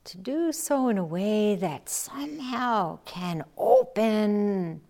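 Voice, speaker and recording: A woman Zen teacher giving a dharma talk, telling a story slowly and reflectively and acting out the quotes. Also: medium pitch, animated, warm tone.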